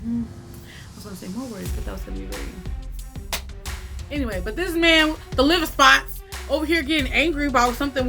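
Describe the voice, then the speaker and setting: A woman with a somewhat high voice recounts a story to her viewers in a loose, chatty way. She swears freely and leans on "like" and "right?" as she goes. Soft music plays quietly behind her. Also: very animated, fairly quick. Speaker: YouTube storyteller. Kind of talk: casual storytime vlog.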